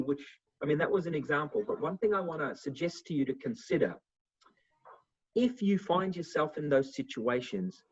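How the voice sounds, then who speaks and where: A man giving a motivational webinar talk over a video call, answering questions and acting out little dialogues in a lively way. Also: fairly high pitch, husky. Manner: animated, acts out little dialogues. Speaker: webinar speaker. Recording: muffled video call audio.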